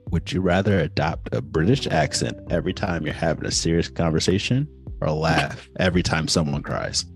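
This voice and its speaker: A man's voice: very deep voice, normal speed, gravelly, soft background music. A man in his thirties hosting a casual podcast, joking and swearing freely. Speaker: podcast host.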